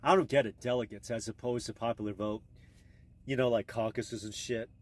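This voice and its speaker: A man's voice: medium pitch, steady tone, fairly quick. A man rambling casually and crudely on a live stream, talking into his phone. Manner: crude, meandering, offhand.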